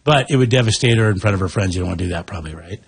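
A man with a General American accent, co-hosting a casual chat, animated and opinionated. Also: lowish voice, very fast, husky, no room sound. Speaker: podcast co-host.

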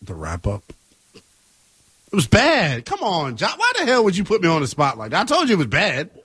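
Brief: podcast co-host, male, wildly swinging pitch, bright husky tone, teasing and blunt. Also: huge pitch swings, fast, dry recording. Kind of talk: casual chat.

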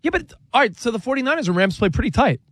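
Man, sports talk co-host, rambling, restarts a lot, lively higher voice, dry recording. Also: rapid-fire, dry recording. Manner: animated, rambling, restarts and self-corrections. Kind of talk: casual sports debate.

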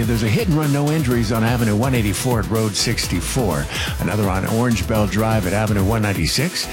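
A man reading a radio traffic report in a brisk, matter-of-fact way. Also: lowish voice. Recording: music bed under voice.

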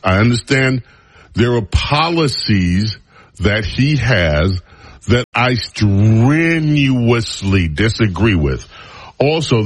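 Husky-voiced man hosting talk radio. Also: on the low side. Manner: wry, teasing banter with crew. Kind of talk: casual talk radio commentary.

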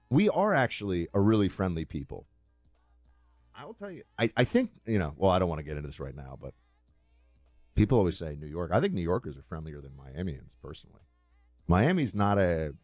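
Casual male host w/ a deep voice, lots of ums and restarts, dry mic. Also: no room sound. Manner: chatty, many fillers and restarts. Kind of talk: casual talk-show commentary.

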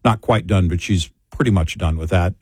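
Older man, low voice, rambling chat. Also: normal speed, darkish tone, breathy edge, no echo, clean studio sound. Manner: rambling, self-correcting, chatty. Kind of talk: casual talk show chat.

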